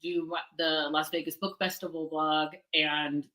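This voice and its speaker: A woman chatting casually on a livestream, animated and quick to laugh, often trailing off and restarting. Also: low voice, rough recording. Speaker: book blogger and guest co-host.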